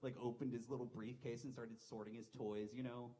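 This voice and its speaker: A man's voice: mid-range voice, flat delivery, a little fast, warm tone, rough recording. A man doing a live stand-up set at a comedy club, rambling and self-deprecating, swearing a lot. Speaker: stand-up comic.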